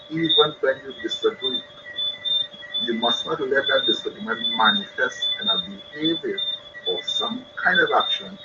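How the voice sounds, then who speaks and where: A man giving an earnest live-streamed talk on parenting. He repeats his key points for emphasis. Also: mid-range voice. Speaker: speaker on parenting. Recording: dull lo-fi stream with loud noise.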